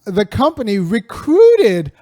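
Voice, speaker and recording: A man's voice: high-pitched, huge pitch swings, slow, dark tone, no echo. Digressive man in dry commentary. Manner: digressive, talks with frequent restarts and wry laughs. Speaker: host and commentator. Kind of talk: casual spoken commentary.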